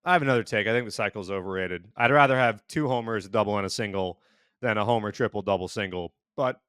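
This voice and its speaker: A man co-hosting a casual sports chat in a measured, analytical manner with some teasing. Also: fairly low pitch, a bit bright, clean tone, dry recording, clean studio sound. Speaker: co-host.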